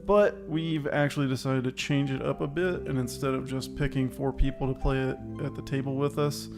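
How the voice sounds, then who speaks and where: Over background music, this podcast co-host talks fairly quickly in a mid-range voice with fairly even intonation and some vocal fry. It's a casual online chat show, and he's rambling, upbeat, self-aware, and a little out of breath.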